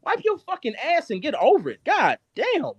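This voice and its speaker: A man hosting a live stream, ranting angrily and cursing constantly, his loudness jumping up and down. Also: very high-pitched, huge pitch swings, normal speed, no echo. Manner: heated, profane, cursing constantly; shifts abruptly between loud and quiet. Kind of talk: angry rant on a live stream.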